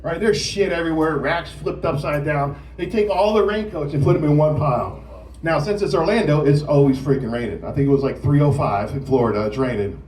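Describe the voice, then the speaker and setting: A man in his forties doing a stand-up set at an open mic, telling stories and acting out shouting drill instructors, with the audience laughing. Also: fairly high pitch, a little fast, far from the mic, slight background noise. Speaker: stand-up comedian. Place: comedy club stage. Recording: roomy club sound from off mic with loud crowd laughter.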